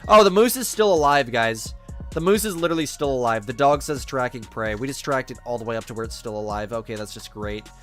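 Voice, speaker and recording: A man's voice: medium pitch, lively intonation, fast, soft background music. A man hosting a live game stream, casually chatting with viewers and reading their messages in a chummy, laid-back way. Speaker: livestream host.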